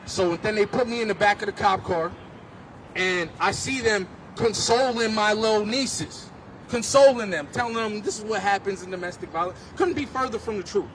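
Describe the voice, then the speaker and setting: At a street march outdoors in a city, a man gives vivid, impassioned testimony about his own life, rising to emphatic pleas. His voice sits high and a bit bright at a moderate pace, with a little hiss or hum.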